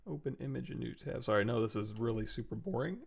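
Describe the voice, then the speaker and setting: Relaxed gravelly man narrating a tutorial. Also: medium pitch, fast. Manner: relaxed, talks through steps while working, self-corrects. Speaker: 3D sculpting livestream host. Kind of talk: casual software tutorial narration.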